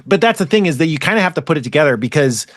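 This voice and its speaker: A man's voice: on the high side, sing-song, racing, fairly bright tone, dry recording. Rambling podcast guy, dry close sound. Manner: rambling, restarts often, swears casually. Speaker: podcast host. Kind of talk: casual chat about an anime.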